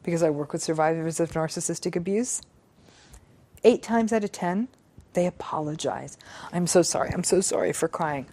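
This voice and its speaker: Earnest, measured woman psychologist, lower voice. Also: warm tone. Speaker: psychologist reading viewer comments. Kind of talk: reflective talk on relationships.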